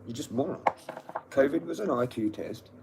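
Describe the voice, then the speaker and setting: A man's voice: mid-range voice, expressive, normal speed, background noise. A man ranting angrily and profanely on a livestream, repeating himself. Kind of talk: angry livestream rant.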